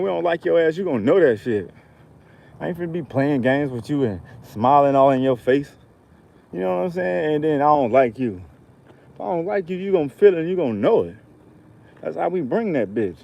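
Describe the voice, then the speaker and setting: A man's voice: medium pitch, mellow, rough recording. A man from Georgia, telling a heated, profane story in a casual rant to camera. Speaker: vlogger.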